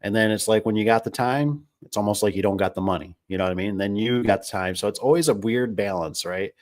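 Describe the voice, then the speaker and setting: Casting note: a lower-voiced small-business owner, a man, talking off the cuff, folksy and rambling, close dry sound. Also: quick pace, no echo. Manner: rambling, filler-heavy, folksy. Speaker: garage door business owner. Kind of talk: casual livestream chat.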